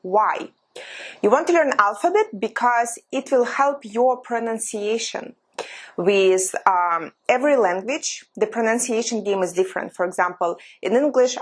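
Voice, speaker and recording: A woman with a Russian accent, a native Russian speaker, teaching an informal language lesson and often repeating her phrases as she explains. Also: mid-range voice. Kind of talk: casual spoken lesson.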